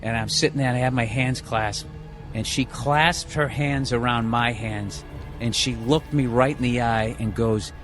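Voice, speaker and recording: A man's voice: mid-range voice, steady tone, moderate pace. A man streaming a game, telling rambling, profane stories in a casual way and laughing at himself. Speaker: gaming streamer. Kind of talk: casual storytelling while gaming. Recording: game music behind voice. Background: game music.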